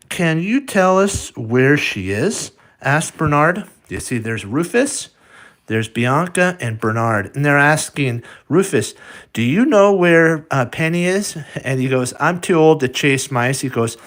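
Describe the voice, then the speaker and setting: A man's voice: mid-range voice, fairly bright tone. A man reading a picture book aloud, stopping to point at the pictures and talk to the listener, with frequent restarts. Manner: halting, with restarts and asides to the viewer. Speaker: storybook reader.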